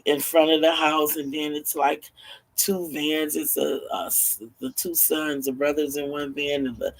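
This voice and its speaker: Man, storyteller, gravelly, slightly high voice, acts out each character. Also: level tone, a little slow. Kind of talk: casual storytelling with acted voices.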